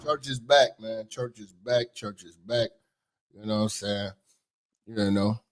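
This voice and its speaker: A man from hosting a casual commentary livestream, slangy and profane, swinging between loud shouting and low muttering and repeating phrases for emphasis. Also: measured pace. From Chicago. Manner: profane, slangy street talk. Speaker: commentary show host.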